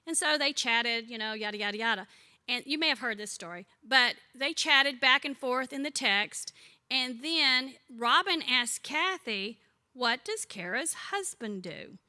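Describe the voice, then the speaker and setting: A woman in her sixties leads a Bible study in a bright, forward, fairly high voice that is expressive and a little slow. Chatty and warmly humorous, she teaches conversationally through funny stories and questions for the group.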